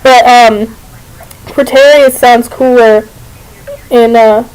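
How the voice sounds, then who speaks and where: Young female vlogger, chatty and rambling, a touch high-pitched, talking into a home webcam. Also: fairly even intonation, slow, a little mellow, rough recording. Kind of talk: casual rambling chat to camera. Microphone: camera on a computer.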